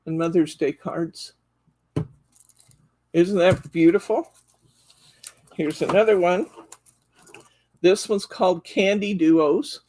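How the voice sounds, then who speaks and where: This woman's lowish voice has a slightly mellow quality. On a live craft store show-and-tell, she eagerly describes card stock packs, gushing about the products and counting sheets aloud as she pages through.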